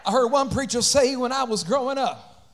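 A man with a strikingly high voice preaches in a church. He mixes jokes and acted-out voices with rising, shouted, sing-song passages, calling out to the congregation. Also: expressive, normal speed, a faint crowd. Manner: acts out voices and jokes between points. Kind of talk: sermon.

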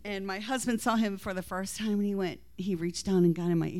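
A woman's voice: mid-range voice, steady tone, quick pace, hardly any pauses, darkish tone. A middle-aged woman, the host's mother, telling tender family stories in a church talk, laughing and near tears. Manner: tender storytelling, laughing and teary. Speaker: mother of the host, guest.

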